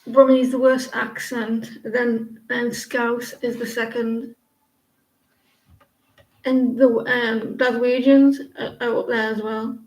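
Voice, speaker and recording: A woman's voice: fairly high pitch, flat delivery, takes it slowly, darkish tone, roomy sound, rough recording. A woman in her forties giving a casual live-stream tarot reading, rambling and chatty, often restarting her sentences. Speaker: tarot reader.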